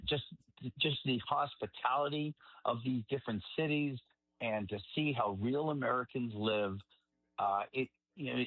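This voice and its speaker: A man with a Boston accent, a regular radio panelist, speaking in a halting, reflective way with plenty of fillers. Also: on the low side, no room sound. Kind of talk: phoned-in radio talk. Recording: tinny dry phone line.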